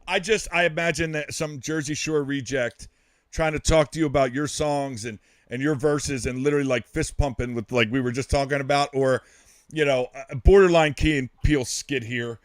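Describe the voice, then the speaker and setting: A man's voice: mid-range voice, normal speed, no room sound. A man co-hosting a podcast in casual chat, joking, laughing often and teasing his partner. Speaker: podcast co-host.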